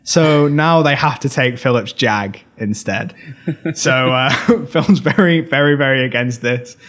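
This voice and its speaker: A man's voice: medium pitch, a little slow, a bit bright. A British man co-hosting a film podcast, recapping scenes in a rambling casual way, laughing often and restarting his sentences.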